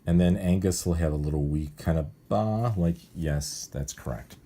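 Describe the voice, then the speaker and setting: A man's voice: low-pitched, moderate pace, dark tone. A male cartoonist casually walks through how he writes his gags, thinking aloud and often correcting himself. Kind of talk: casual walkthrough of his writing process.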